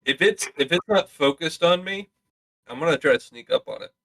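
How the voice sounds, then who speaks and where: A man playing a tabletop game, stating his character's moves quickly and matter-of-factly. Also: on the high side, animated, fairly bright tone. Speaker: player. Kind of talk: casual tabletop play.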